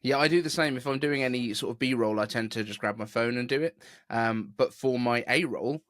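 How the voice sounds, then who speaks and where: A man's voice: medium pitch, fairly quick, fairly bright tone, dry recording. Male podcast host, neutral English accent, chatty and rambling, dry close sound. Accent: neutral southern English. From southeast England. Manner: chatty, rambling, self-deprecating. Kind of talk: casual podcast chat. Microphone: video call.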